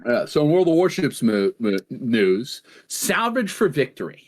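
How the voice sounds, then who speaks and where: A man's voice: mid-range voice, sing-song, a little slow. A man co-hosting a gaming podcast in casual chat, rambling through stories, laughing often and swearing offhandedly. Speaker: podcast co-host.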